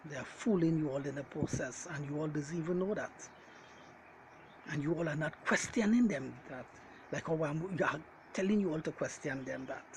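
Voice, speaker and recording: In a fairly high voice at normal speed, a self-styled Bible teacher preaches directly to his listeners, repeating the same phrases relentlessly and calling them ladies and gentlemen as he presses each point. The recording is low-quality, with a faint hiss under his voice.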